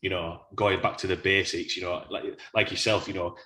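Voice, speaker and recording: Brief: male podcast host, low voice, relaxed and agreeable. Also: moderate pace. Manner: easygoing, agreeable, loose phrasing. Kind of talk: casual interview talk.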